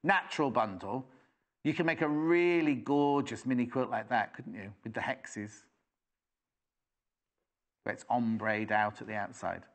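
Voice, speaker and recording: A man's voice: medium pitch, a little slow, pauses often. A British man presenting live on a TV shopping channel, chatty and enthusiastic with rambling asides.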